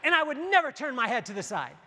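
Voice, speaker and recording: A man's voice: very high-pitched, sing-song, fast talker, background noise. A man giving a motivational keynote speech on stage, telling stories and joking with the audience. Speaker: keynote speaker. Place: large hall on stage. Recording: long hall reverb.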